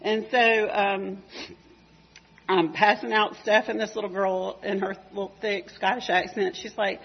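A woman's voice: mid-range voice, level tone, unhurried, creaky, slightly rough, muffled recording. A woman with a Georgia accent giving a rambling, heartfelt church testimony about a mission trip. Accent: Southern US (Georgia). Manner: rambling, emotional, chatty with fillers. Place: church service.

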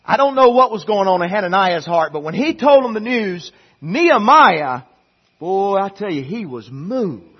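A man preaching a sermon in a church, moving from quiet asides to emphatic repeated lines, on a dull lo-fi recording. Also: high-pitched, sing-song, normal speed, husky. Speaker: pastor. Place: church sanctuary.

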